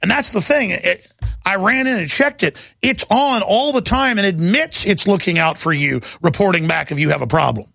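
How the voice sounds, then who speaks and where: A man's voice: high-pitched, moderate pace, creaky, bright, forceful tone, no room sound. A middle-aged man hosting a talk radio show, ranting fervently in a rising, impassioned monologue.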